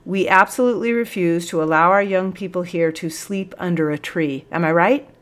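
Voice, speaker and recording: A woman voicing a bossy male police sergeant who bellows slow, drawn-out commands in a storybook reading. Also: lowish voice, lightly acted. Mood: brisk.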